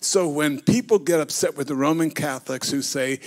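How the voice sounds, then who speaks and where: A man's voice: on the high side, brisk, few pauses. A man preaching a sermon as bishop. He tells the scripture as a story, acting it out and leading the congregation in call and response.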